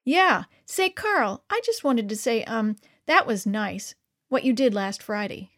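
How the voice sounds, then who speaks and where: A woman's voice: fairly high pitch, expressive, a little slow, fairly bright tone. A woman voicing a friendly, chatty sixth-grade schoolgirl in a storybook reading.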